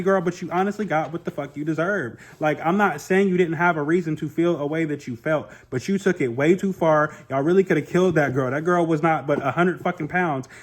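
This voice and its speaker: Blunt, animated young man in an echoey room. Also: mid-range voice. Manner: blunt, animated, swears freely, slangy. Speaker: YouTube reality TV reviewer. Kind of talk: casual opinionated commentary.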